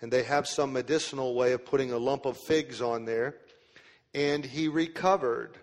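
A male preacher delivers a sermon, slowing down to read scripture aloud and then explaining it in everyday speech. His voice sits at an ordinary middle pitch. A long reverb trails his words through the church. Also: steady tone. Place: church sanctuary.

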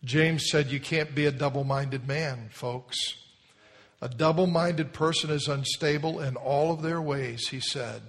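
A man preaching a sermon, telling a folksy story and building to loud exhortation. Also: a little high, fairly even intonation, unhurried. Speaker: pastor. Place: large church hall. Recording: long hall reverb.

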